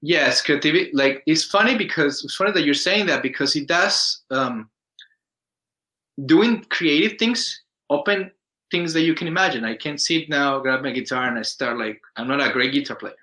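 A man from Colombia speaks English with a Colombian Spanish accent, his voice bright and forceful. He tells stories in a loose, animated way, often restarting his sentences and mimicking other people's voices. The setting is a relaxed, casual interview. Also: on the high side, normal speed, poor audio. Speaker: interview guest.

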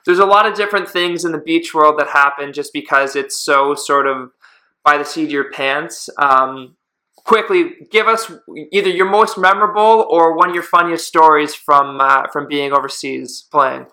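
A man's voice: a little high, steady tone, normal speed, pushed and bright. A man hosting a podcast, chatting and teasing his guest in a joking way. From Canada. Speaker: podcast host. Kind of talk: casual podcast chat.

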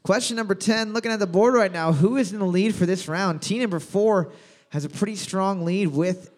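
A man hosting a trivia quiz, calling out questions loudly and cracking crude jokes between rounds. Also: high voice. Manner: loud announcing, crude jokes, slows on answer options. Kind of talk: bar trivia hosting with joking banter.

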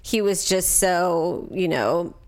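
A middle-aged woman chatting casually, recalling memories in a relaxed, reflective way with many "you know"s. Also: fairly low pitch, takes it slowly. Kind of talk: casual chat.

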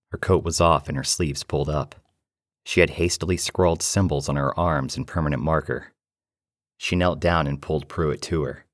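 A man narrating a first-person horror story in a low, steady, measured way. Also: no echo, clean studio sound.

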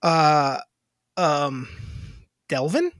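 A man's voice: on the high side, sing-song, very slow, a bit bright, no echo, studio quality. A man co-hosting a podcast in casual chat, joking, profane and self-deprecating. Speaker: podcast co-host.

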